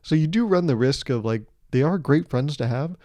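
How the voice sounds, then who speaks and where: A man's voice: a little high, animated, moderate pace, mellow, no echo. A man hosting a comedy podcast, delivering a rambling, sarcastic, profane monologue. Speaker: podcast host.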